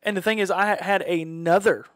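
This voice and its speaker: A man with a high-pitched voice tells stories in loose conversation and keeps bursting into acted-out quotes and loud exclamations. The sound is dry and close, with no room echo. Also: steady tone, a little fast. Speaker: podcast guest. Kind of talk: casual storytelling chat.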